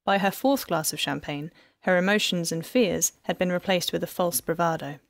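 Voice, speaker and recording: A woman narrating an audiobook in an even, measured storytelling manner. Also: fairly low pitch, vocal fry, no room sound. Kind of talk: scripted narration.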